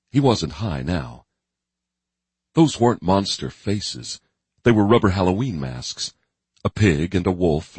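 A man narrating a dark thriller audiobook in a measured storytelling manner with vivid emphasis. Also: sits low, husky, dry recording.

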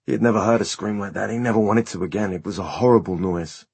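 A man narrating an audiobook in a measured, steady storytelling manner. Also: fairly low pitch, gravelly, husky, dry recording. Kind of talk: scripted narration.

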